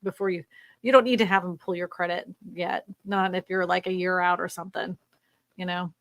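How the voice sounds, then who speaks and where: A woman's voice: fairly low pitch, fairly even intonation, a little fast, a bit bright, no echo. A woman hosting a real estate live stream. She reads viewer comments aloud and answers them in an emphatic, ranting way, laughing often.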